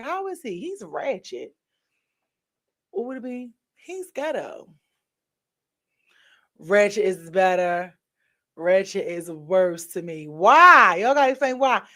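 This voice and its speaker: A woman's voice: a little high, a bit bright. A tired woman runs a casual livestream and talks straight to her viewers in a loose, chatty way. She drifts from one topic to the next and sounds drowsy and half-yawning the whole time. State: sleepy, yawning. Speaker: livestream host. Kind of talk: casual live-stream chat.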